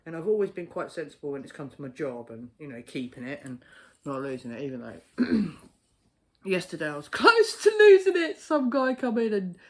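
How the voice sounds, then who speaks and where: A man chatting casually to camera, a postal worker telling stories in a blunt, sweary, animated way. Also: on the high side.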